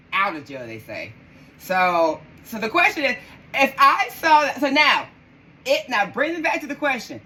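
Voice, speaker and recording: A woman's voice: fairly high pitch, low-quality recording. A woman hosting a live podcast, exclamatory and incredulous, talking straight to her listeners. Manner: animated and incredulous. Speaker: podcast host.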